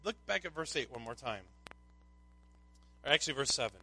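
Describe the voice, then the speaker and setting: A man's voice: mid-range voice, animated, brisk, long pauses, bright, forceful tone, husky, no room sound, rough recording. A man preaching a conversational sermon to a congregation, reading scripture aloud in between. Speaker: pastor.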